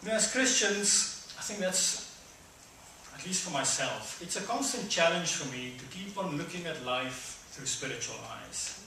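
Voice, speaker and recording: Middle-aged guy giving a sermon, bright forceful voice, far from the mic in a really echoey hall. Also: expressive, moderate pace, a little hiss or hum. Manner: conversational, acts out voices with sudden loud high bursts. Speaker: preacher. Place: church hall.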